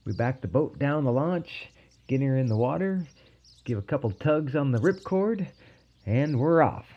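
A man narrating a personal story in a calm, wry way. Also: mid-range voice, normal speed, husky, dull audio.

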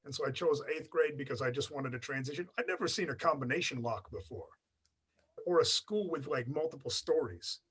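A man's voice: on the high side, fairly quick, a bit bright, breathy edge. Chatty man with a blended American-Australian accent. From Australia, raised by an American family. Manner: rambling, chatty, many "like" fillers. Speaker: guest. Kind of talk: casual storytelling interview.

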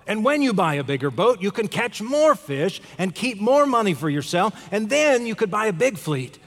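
A man's voice: sits high, very animated, normal speed, fairly bright tone, pitched above the performer's own voice, exaggerated voice. A man voicing a brash, pushy American tourist who lectures eagerly about getting rich. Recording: long hall reverb.

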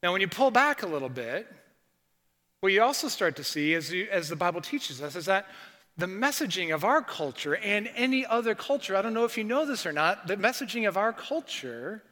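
A middle-aged man preaching a sermon as a pastor, telling stories in an animated way and acting out what people said. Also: high voice, big-room sound. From northern United States. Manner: animated storytelling with acted-out quotes.

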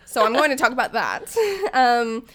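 An enthusiastic woman hosting a chatty podcast. She has a slightly high voice and tells a story with easy laughs. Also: expressive, moderate pace, fairly bright tone. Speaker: podcast host.

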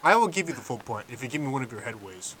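A man's voice: medium pitch, very animated, fairly bright tone, low-quality recording. A man co-hosting a sports podcast, joking and ribbing the others. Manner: jokey, fast-talking. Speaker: podcast co-host.

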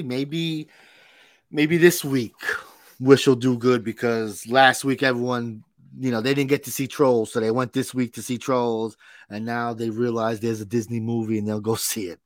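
A man's voice: medium pitch, fairly even intonation, measured pace, no room sound, studio quality. Rambling casual male podcast co-host. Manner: rambling, filler-heavy, profane. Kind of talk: casual chat.

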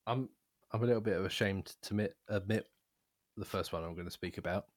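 A British man co-hosting a film podcast, talking in a hesitant, halting way. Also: low-pitched, dry recording, studio quality. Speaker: podcast co-host. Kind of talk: casual podcast chat.

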